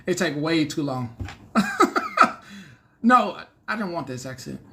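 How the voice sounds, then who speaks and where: Male comedy-news host, unhurried delivery with a bright, sharp edge, rambling, cracks himself up. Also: a little high, lively intonation, a little hiss or hum. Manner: rambling, laughs at own jokes. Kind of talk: loose comedic monologue.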